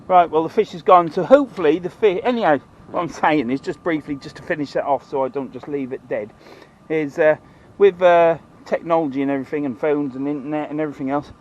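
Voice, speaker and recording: A Norfolk fishing vlogger rambles in broad dialect, chatting casually to the camera as he fishes outdoors by the water. His voice is a little high and fast, with hardly any pauses, and the recording has its highs cut off.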